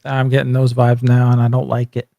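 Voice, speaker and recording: A man's voice: medium pitch, completely flat delivery, brisk, gravelly, mellow, dry recording. A man co-hosting a casual reaction chat, blunt and wry in a laid-back way. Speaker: co-host reacting to a trailer.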